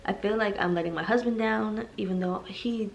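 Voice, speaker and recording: Tearful, rambling pregnant woman with fry. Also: medium pitch, normal speed. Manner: emotional, rambling, tearful at times. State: heavily pregnant. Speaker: vlogger. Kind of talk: personal vlog confession.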